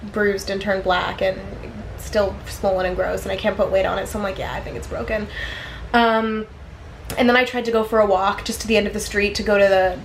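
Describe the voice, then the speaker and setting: Young woman vlogging at home, rambly, lots of likes and ums, mid-pitched voice, faint hiss. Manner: rambling, many fillers and restarts. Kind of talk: casual personal storytelling. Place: her own apartment. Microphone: camera on a tripod.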